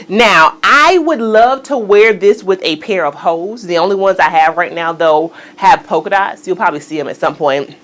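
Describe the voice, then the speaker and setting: A woman's voice: lowish voice, moderate pace, few pauses. A woman fashion vlogger chatting casually through an outfit try-on, playful and exclaiming as she talks to her viewers. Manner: playful, exclaims "girl" and "y'all", chatty and animated. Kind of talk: casual try-on vlog chat.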